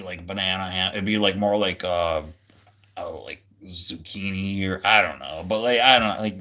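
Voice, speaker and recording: A man's voice: fairly low pitch, fairly bright tone. A man hosting a casual livestream, rambling with lots of fillers and restarts and a jokey, goofy manner. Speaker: livestream host.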